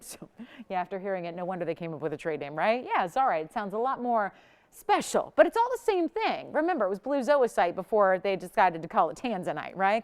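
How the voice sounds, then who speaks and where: Chatty woman shopping host, smooth voice. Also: medium pitch. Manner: chatty, laughs often, enthusiastic selling. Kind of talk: live shopping presentation.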